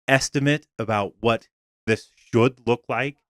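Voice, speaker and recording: A man in casual podcast chat, explaining things in a measured way. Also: medium pitch, a bit bright, no echo, studio quality.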